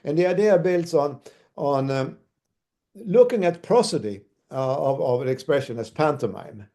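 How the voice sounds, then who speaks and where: Halting man giving a mellow-voiced lecture. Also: a little high, animated. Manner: halting, with many restarts. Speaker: university lecturer. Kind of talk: academic lecture.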